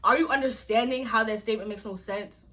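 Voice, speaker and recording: A woman's voice: a little high, fairly even intonation, fast, pushed and bright. A young woman from Africa, a vlogger talking straight to camera in an exasperated, emphatic rant that sometimes drops to a whisper. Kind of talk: casual vlog rant to camera.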